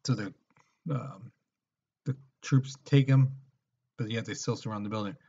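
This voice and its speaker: Man, history teacher, casual lecture, husky voice, muffled lo-fi sound. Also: lowish voice, steady tone, unhurried, mellow. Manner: retells events with acted quotes and frequent "okay?". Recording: dull lo-fi recording.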